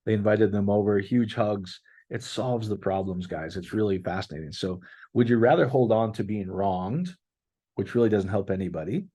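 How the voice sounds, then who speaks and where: Male pastor, middle-aged, low husky voice, casual sermon delivery. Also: moderate pace, mellow. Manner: conversational, reads out testimonies, addresses listeners as guys.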